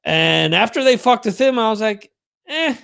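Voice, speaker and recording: A man's voice: high voice, lively intonation, normal speed, vocal fry, a bit bright, smooth. A man hosting a livestream, talking in a chatty, rambling, profane way. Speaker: livestream host. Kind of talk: casual livestream monologue.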